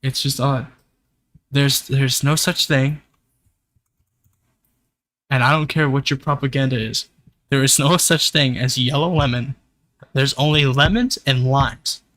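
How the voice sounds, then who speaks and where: Young male streamer, unhurried drawl, mid-pitched, casual ranting, swears a lot. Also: steady tone, bright, forceful tone, no echo. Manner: ranting, swearing, laughing to chat. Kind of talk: casual livestream rant.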